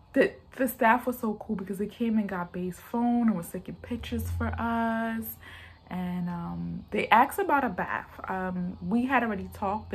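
A woman's voice: lowish voice, creaky, a bit bright, breathy edge. A woman vlogger telling a personal story in a casual, rambling way and talking straight to her viewers.

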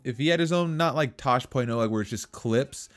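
A man's voice: mid-range voice, brisk. Rambling casual male podcast co-host. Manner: rambling, frequent fillers and restarts. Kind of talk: casual chat.

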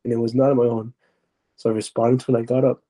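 A young man telling his personal testimony as a podcast guest, halting and restarting as he searches for words. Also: mid-range voice, little pitch movement, dark tone.

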